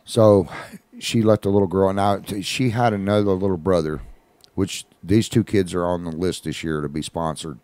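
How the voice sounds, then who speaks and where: Hosting a live radio show from the studio, this man spins a story conversationally and folksily, performing each quoted voice. He speaks low and steady at a moderate pace, slightly mellow, on a dry recording.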